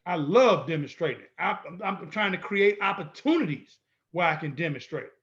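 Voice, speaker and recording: A man's voice: fairly high pitch, animated, normal speed, fairly bright tone, highs cut off. Bold emphatic man lecturing. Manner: emphatic, repetitive, bold and confrontational. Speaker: instructor. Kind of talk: lecture-style video walkthrough.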